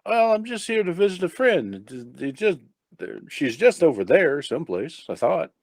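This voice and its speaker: A man's voice: fairly high pitch, very animated, moderate pace, vocal fry, no echo, studio quality, pitched above the performer's own voice, full character voice. A man voicing a nervous, meek blind man who stammers, apologizes and talks with folksy, rustic grammar in a tabletop game. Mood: apologetic.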